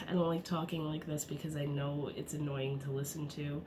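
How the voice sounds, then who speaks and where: A woman's voice: deep voice, level tone, brisk. A woman in her thirties vlogging at home in a chatty, rambling way, her voice stuffed up from a cold. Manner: rambling, chatty, with frequent fillers and laughs. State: congested, sick voice. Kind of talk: casual vlog chat. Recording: noisy home recording.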